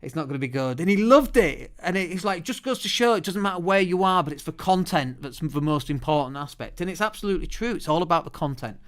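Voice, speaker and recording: Chatty British man with a smooth voice. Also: sits high, fast talker, few pauses. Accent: British English. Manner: chatty, lively, often restarts words. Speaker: podcast host. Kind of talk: solo podcast monologue. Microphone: studio microphone.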